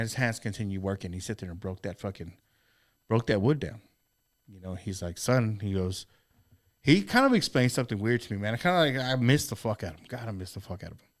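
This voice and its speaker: A man's voice: on the low side, lively intonation, fairly quick. A middle-aged man and podcast co-host, telling a long personal story in a rambling, earnest, profanity-laced way. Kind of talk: casual storytelling chat.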